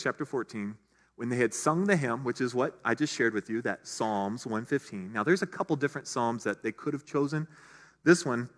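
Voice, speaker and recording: A man's voice: medium pitch, a bit bright. Man preaching in a reverberant church. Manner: conversational, with asides and restarts. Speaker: pastor. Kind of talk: sermon. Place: church sanctuary. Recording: long hall reverb.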